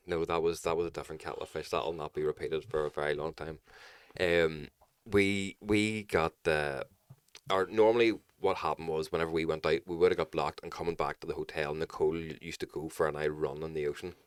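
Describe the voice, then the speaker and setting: Man, very deep voice, dry close mic, sweary casual storyteller. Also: a little fast, clear, resonant tone, no echo. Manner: swears freely, animated storytelling with loud quoted voices. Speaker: podcast co-host.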